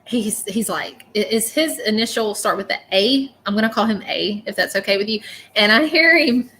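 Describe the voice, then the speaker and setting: A chatty woman gives a live reading from her home, her tone bright and clear over a faint hum of background noise. She talks earnestly and keeps checking in with her listener, her voice sitting at an ordinary middle pitch. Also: normal speed. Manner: chatty and earnest, many fillers and "okay?". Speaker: psychic medium. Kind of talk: live-stream reading, casual talk.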